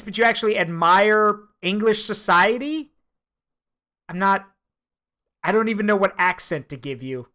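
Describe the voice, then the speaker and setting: A woman streaming a game, reading its dialogue aloud and reacting with excitable, profane commentary over faint game music. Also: medium pitch. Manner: excitable, swears and laughs, comments freely.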